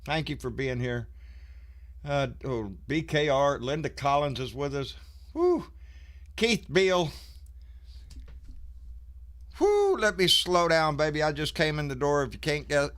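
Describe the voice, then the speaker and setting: A man's voice: on the high side, moderate pace, a bit bright. A man, out of breath, hosting a casual live stream and greeting viewers in a folksy, swearing way. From Texas.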